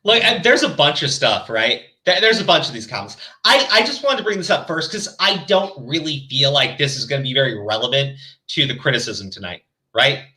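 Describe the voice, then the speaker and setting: A man hosting a commentary podcast, chatting casually and profanely, animated and mocking as he quotes others. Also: medium pitch, brisk.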